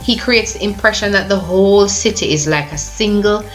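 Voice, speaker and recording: A woman giving a poetry analysis lesson, explaining in a measured way with occasional hesitations. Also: mid-range voice, a bit bright, faint music behind. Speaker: teacher.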